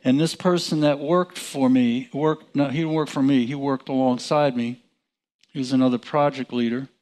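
A man teaching from the Bible in a relaxed, conversational way, chuckling and restarting his sentences. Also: mid-range voice, moderate pace. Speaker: preacher.

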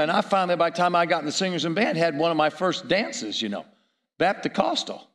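Middle-aged man, preacher; story-driven sermon, chuckling asides, somewhat high-pitched.

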